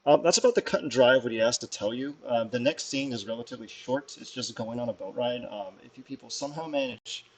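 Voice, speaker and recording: A man's voice: medium pitch, sing-song, fast talker, gravelly, few pauses, a crowd in the background. Brief: casual young male game master, mid voice, loose and profane. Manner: casual, laughing, swears, lots of ums. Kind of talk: narrating a tabletop game.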